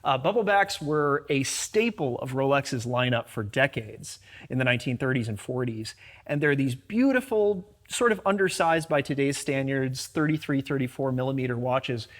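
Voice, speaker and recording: A man speaking as a guest specialist, giving measured, knowledgeable explanations in a casual conversation. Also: medium pitch, expressive.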